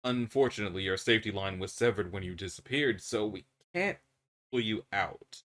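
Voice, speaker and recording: A man voicing a calm middle-aged male researcher, speaking in a measured, procedural way. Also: lightly acted. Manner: measured, procedural, low-key.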